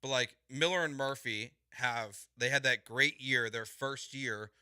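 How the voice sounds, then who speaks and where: A man's voice: mid-range voice, unhurried, pushed and bright, clean tone, no room sound, studio quality. A man hosting sports talk radio, arguing his point in an emphatic, exasperated way and repeating words for stress.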